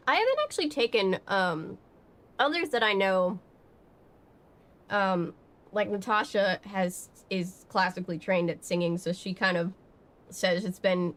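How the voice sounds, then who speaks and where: A woman's voice: on the low side, steady tone, normal speed. A woman from Georgia with a slight Southern accent, chatting casually with her stream audience in a rambling way. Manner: chatty, rambling with fillers and restarts. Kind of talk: casual live-stream chat.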